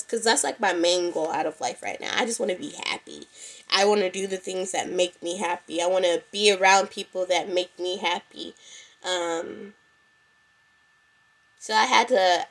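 A young woman with a congested, stuffy-nosed voice, hosting a casual solo podcast and talking to her listeners. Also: lowish voice. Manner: chatty, addresses listeners as "y'all". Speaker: podcast host. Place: at home.

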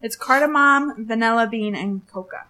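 Giggly woman with a high voice. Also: normal speed, sharp tone, low-quality recording. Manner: giggly, playful, hams up a mock French accent. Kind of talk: casual chat, beer tasting.

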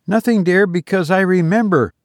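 A high, fluttery voice belongs to a fussy Victorian housewife, put on by a male reader. She frets with every line. The sound is close and dry. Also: normal speed, no echo, close to an everyday voice. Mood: anxious. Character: fussy middle-aged Victorian wife, easily alarmed.

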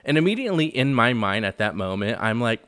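A man's voice: mid-range voice, big pitch swings, fast, fairly bright tone, dry recording, studio quality. A man hosting a casual gossip recap podcast, chatty and blunt with sassy asides and lots of "like". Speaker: podcast host.

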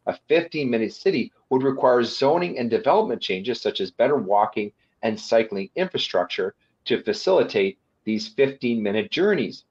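Man, lawyer guest, husky voice, lo-fi audio, fillers and restarts. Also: medium pitch, expressive, moderate pace, hardly any pauses, darkish tone. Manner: explanatory, with frequent fillers and restarts. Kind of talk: webinar presentation.

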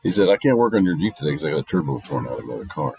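A man's voice: rumbling low, sing-song, racing, a little mellow, slight background noise, rough recording. A middle-aged man hosting a casual monologue, telling stories in a blunt, profane way. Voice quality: gravelly, husky. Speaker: podcast host.

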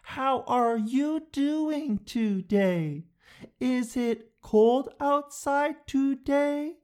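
A man putting on an affected parent talking baby talk to a child, high and drawn out. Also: extremely slow, a little mellow, full character voice. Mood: sing-song.

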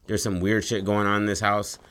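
A man's voice: on the low side, completely flat delivery, a little fast, a bit bright, clear, resonant tone, natural voice. A man voicing a cautious, level-headed wife who talks bluntly and practically, as he retells a story in casual chat. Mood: firm.

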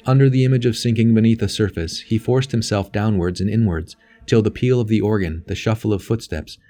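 A man reading a novel aloud as an audiobook narrator, in measured scripted narration. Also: lowish voice, mellow.

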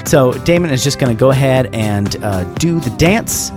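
A man's voice: mid-range voice, lively intonation, normal speed, over music. A man co-hosting a podcast in casual chat, rambling and joking with lots of hedges. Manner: rambling, hedging with fillers, joking. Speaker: podcast co-host.

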